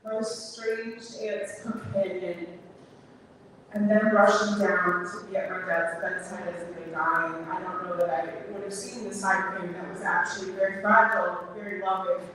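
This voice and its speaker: A woman's voice: medium pitch, fairly even intonation, moderate pace, a little hiss or hum. A woman telling a personal story at a live coffee-shop event, wry and conversational. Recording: echoey, distant live recording.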